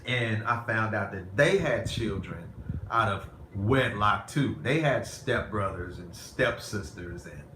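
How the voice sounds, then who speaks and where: A man's voice: fairly low pitch, animated, slow pace, pushed and bright. A man vlogging, telling a personal story in a candid, rambling, conversational way. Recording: roomy echo, faint background noise.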